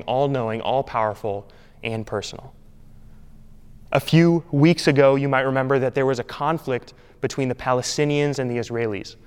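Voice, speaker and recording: Male pastor, sermon, earnest, emphatic repetition, smooth resonant tone, long hall reverb. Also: medium pitch. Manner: earnest, emphatic with repeated phrases.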